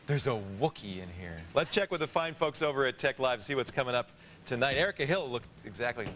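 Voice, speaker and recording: A man's voice: medium pitch, brisk. A man hosting a live TV tech show, joking around with guests in costume. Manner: joking, playful, animated. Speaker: TV show host. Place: TV studio. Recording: noisy TV studio.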